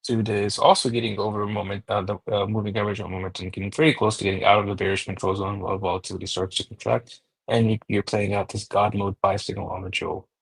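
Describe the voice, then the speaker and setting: A man walking through stock charts aloud, steady and number-heavy, thinking out loud as he goes. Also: lowish voice, quick pace, gravelly, breathy edge, dry recording, rough recording. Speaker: market analyst host. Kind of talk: technical chart analysis.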